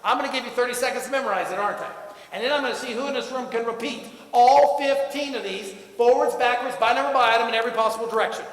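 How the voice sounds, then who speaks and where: A man giving a motivational talk to a live audience in a large room, with punchy call-and-response and jokes he shouts out. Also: extremely high pitch, racing. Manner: punchy call-and-response, asks crowd to answer. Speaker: motivational speaker. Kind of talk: motivational talk to a staff crowd. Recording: echoey room recorded from far off.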